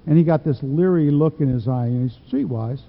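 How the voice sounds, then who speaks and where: A man's voice: on the high side, a little fast, gravelly, big-room sound, dull audio. A man preaching a sermon, telling stories in a folksy way, with frequent restarts. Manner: folksy storytelling with repeated restarts.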